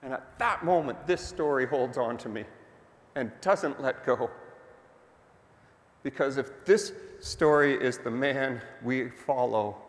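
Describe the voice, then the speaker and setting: A man's voice: medium pitch, takes it slowly. Preaching man in a reverberant hall. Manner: conversational storytelling preacher, asks the congregation questions. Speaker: pastor. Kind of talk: sermon.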